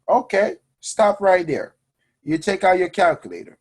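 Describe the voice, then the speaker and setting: A man hosting a personal finance show, talking to his audience in an energetic, preachy way and calling them guys. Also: high-pitched, normal speed. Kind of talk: energetic motivational money talk.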